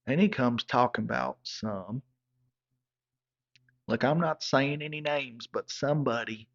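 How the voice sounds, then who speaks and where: A man's voice: medium pitch, a little slow, creaky, pauses often. A man telling a rowdy, profane comic story in a rambling backwoods way, as a regular storyteller. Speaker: comedic storyteller. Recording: dull lo-fi recording.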